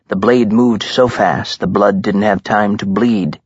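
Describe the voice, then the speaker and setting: Male audiobook narrator, husky and gravelly, measured thriller read, dull lo-fi recording. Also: on the low side, steady tone, dry recording. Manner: measured, tense storytelling. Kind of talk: scripted dramatic narration.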